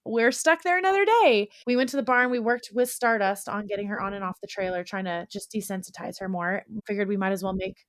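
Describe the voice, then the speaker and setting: A young woman in a podcast conversation, spinning out a long story with lots of "like" and quick restarts. Her voice sits at an ordinary middle pitch, and the dry, close sound carries almost no room echo. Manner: animated, rambling storytelling full of "like". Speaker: podcast guest or co-host. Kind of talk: casual storytelling chat.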